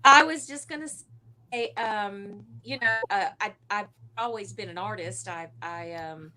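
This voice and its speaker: Woman, Texan Southern accent, halting speech, video call, mid pitch. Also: bright, forceful tone, slight background noise. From Texas. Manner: hesitant, halting with restarts. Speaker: guest artist. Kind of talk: casual interview chat.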